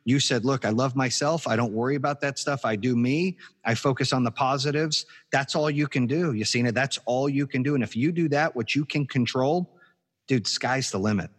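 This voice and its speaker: A man's voice: mid-range voice, brisk, breathy edge. Rambling motivational male podcast host. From Arizona, US. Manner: motivational, rambling with many restarts. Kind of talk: casual podcast chat.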